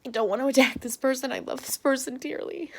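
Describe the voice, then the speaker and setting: A woman's voice: high-pitched, fast talker. Tearful, upset middle-aged woman vlogging. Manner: tearful, upset, talks in bursts with nervous laughs. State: tearful after crying. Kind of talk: emotional personal vlog.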